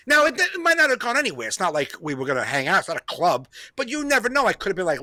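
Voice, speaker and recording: A man's voice: high-pitched, wildly swooping pitch, quick pace, hardly any pauses, pushed and bright, no room sound. A man hosting a comedy podcast, telling a rambling story in casual chat, repeating himself and laughing often.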